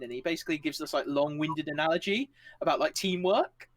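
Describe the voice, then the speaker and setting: A man's voice: on the high side, fairly quick. A man narrating a tabletop game as game master, loose and full of fillers.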